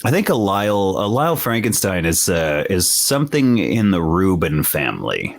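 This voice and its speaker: Deep-voiced, lively man chatting. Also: moderate pace, creaky. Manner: animated, self-deprecating storyteller. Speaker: podcast guest. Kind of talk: casual chat.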